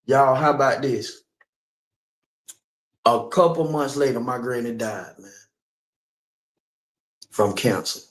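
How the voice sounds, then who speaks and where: A man's voice: mid-range voice, slow pace, pauses often, echoey room. A man preaching in the street, telling a personal story with emphasis and asking listeners again and again whether they understand.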